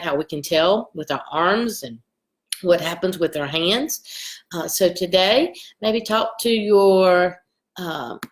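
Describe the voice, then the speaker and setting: A woman teacher reading a picture book aloud to young children at home, gentle and encouraging, stopping to ask them questions. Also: lowish voice. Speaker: elementary school teacher.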